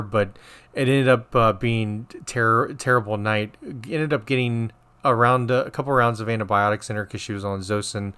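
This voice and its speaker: A middle-aged man, a podcast co-host and former nurse, telling a work story in casual chat, rambling with restarts and animated quoting. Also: lowish voice, clean tone.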